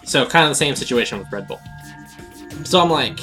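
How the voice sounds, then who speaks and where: A man's voice: mid-range voice, expressive, a little fast, sharp tone, faint music behind. A man casually commenting on his gameplay, rambling and mumbling asides as he plays. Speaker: let's play host.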